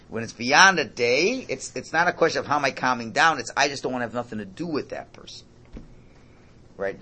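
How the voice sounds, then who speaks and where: Man, rabbi type, casual lecture delivery, very lively intonation, repetitive and emphatic. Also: medium pitch. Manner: animated, repetitive, bursts into near-shouting for emphasis. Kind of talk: informal religious talk on marriage.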